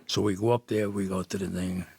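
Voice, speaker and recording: A man's voice: low voice, little pitch movement, a little fast, creaky, a little mellow, husky, no echo. A man, a podcast guest telling rambling stories with frequent laughs and false starts. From Jersey City, New Jersey. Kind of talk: storytelling in casual conversation.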